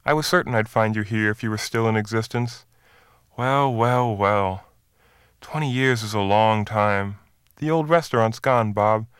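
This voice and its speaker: A man voicing a calm plainclothes officer. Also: fairly low pitch, a little slow, clean tone, no echo, studio quality.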